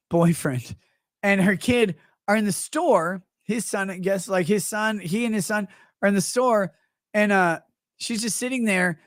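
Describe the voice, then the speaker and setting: A man's voice: sits high, dry recording. Sarcastic man, dry studio sound. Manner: sarcastic, mocking, acts out quoted people in put-on voices. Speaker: livestream host. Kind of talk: casual commentary.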